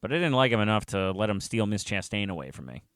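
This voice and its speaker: A man's voice: fairly low pitch, big pitch swings, fast talker, a bit bright, clean tone, no room sound. A man narrating a first-person story in a wry, conversational way, with dry little asides.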